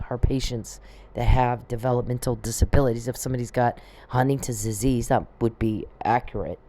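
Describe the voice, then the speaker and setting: A woman's voice: very deep voice, mellow. A middle-aged woman in a casual monologue, agitated, swearing and rambling as she vents. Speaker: vlogger.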